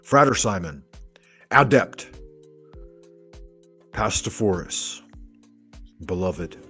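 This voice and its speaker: Husky-voiced man ranting with heavy swearing. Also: fairly low pitch, lively intonation, drawn-out words, pushed and bright, soft background music. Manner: emphatic, sweary, sarcastic ranting. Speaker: commentary video host. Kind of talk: profane reaction commentary.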